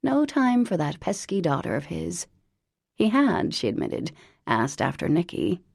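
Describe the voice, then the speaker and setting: A woman reading an audiobook in a wry, deadpan narrating manner. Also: lowish voice, measured pace, vocal fry, slightly rough, no echo, clean studio sound.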